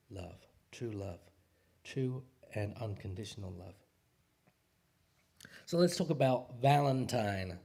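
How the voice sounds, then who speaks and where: Slow, easygoing man giving a casual sermon. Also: on the low side. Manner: relaxed and joking, with filler sounds and restarts. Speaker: speaker at a spiritual community service.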